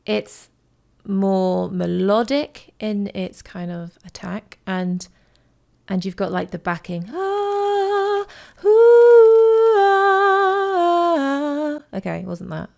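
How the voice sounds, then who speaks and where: A woman's voice: fairly low pitch, level tone, slow, vocal fry, warm tone. A woman vocal coach talking casually to her viewers about a song, chatty and rambling, with lots of fillers and affectionate asides. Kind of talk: casual reaction vlog.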